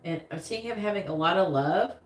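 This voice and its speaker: A woman's voice: fairly low pitch, a little fast, reverberant, a little hiss or hum. A woman giving a casual live-stream tarot reading, chatty and rambling, talking straight to her viewers. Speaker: psychic reader on a live stream.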